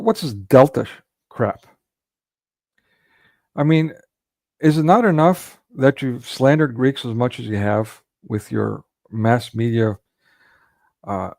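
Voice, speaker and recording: Gravelly man ranting indignantly. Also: medium pitch, a little mellow, no echo, clean studio sound. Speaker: commentary channel host reacting to clips. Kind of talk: heated commentary monologue.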